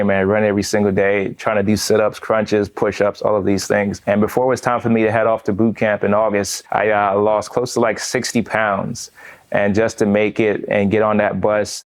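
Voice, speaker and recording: A man from the United States telling his own story in a casual interview, animated and quick to laugh, often dropping the word "man" between phrases. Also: lowish voice. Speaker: veteran guest.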